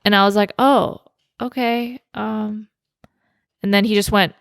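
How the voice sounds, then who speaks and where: A woman's voice: medium pitch, monotone, normal speed, creaky, fairly bright tone, clean tone, no echo, studio quality. A woman co-hosting a podcast, chatting casually and acting out both sides of the story she tells. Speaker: podcast co-host. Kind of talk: casual chat.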